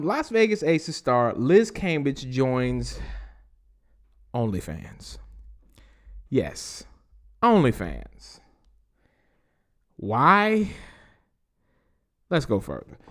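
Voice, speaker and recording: A man's voice: mid-range voice, big pitch swings, drawn-out words, long pauses, a bit bright. A man with a Southern US accent hosting a podcast, reading news stories aloud and riffing on them with loose, profane commentary. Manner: reads news aloud and riffs with laughs and profanity. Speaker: podcast host.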